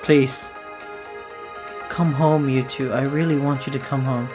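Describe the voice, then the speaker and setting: Slow-talking woman with music behind. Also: steady tone. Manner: melodramatic, self-pitying, with sudden shrill outbursts. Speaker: gaming channel host. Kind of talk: casual commentary on game summons.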